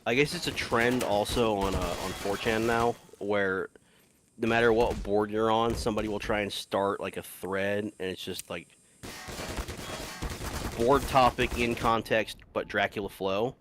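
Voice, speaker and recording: A man's voice: on the low side, steady tone, a little slow, noisy background. A man streaming a video game, chatting casually with a friend in a laid-back, swearing, dry way. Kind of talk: casual gameplay chat.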